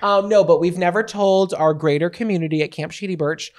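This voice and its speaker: A man in his twenties co-hosting a casual podcast, a theatrical, animated storyteller with cheeky, playful humor. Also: sits high, fairly quick. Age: 20s. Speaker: podcast co-host.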